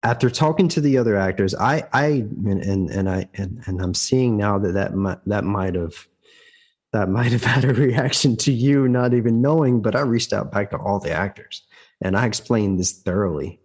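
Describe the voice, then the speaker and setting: Man, husky, lowish voice, guest storyteller, frequent restarts, emphatic. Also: moderate pace, darkish tone. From United States. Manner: frequent restarts and repeated words; emphatic, heated when recounting conflict. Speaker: guest actor. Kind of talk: conversational storytelling.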